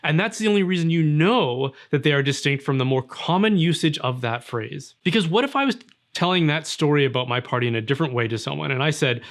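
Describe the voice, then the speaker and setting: A religious commentator with a slightly high, expressive voice talks fast through an earnest, argumentative opinion monologue on religion. Every so often he acts out little scenes as asides.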